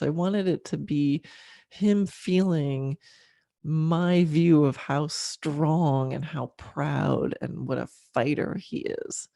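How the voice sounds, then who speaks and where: Candid woman host with a mellow voice. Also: low-pitched, vocal fry, dry recording, studio quality. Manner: candid, emotional, frequent fillers and soft laughs. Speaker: podcast host. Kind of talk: personal storytelling monologue.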